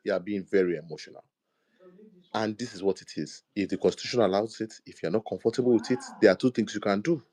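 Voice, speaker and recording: A man lecturing forcefully in a heated live discussion, mixing in Yoruba phrases. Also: lowish voice, quick pace. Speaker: speaker in an online audio discussion.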